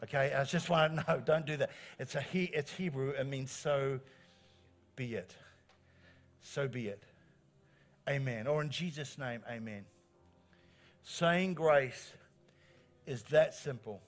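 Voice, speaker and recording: A middle-aged man, preaching a sermon as pastor in an animated, encouraging way, repeating phrases for emphasis. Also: medium pitch, slow pace, pauses often. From New Zealand.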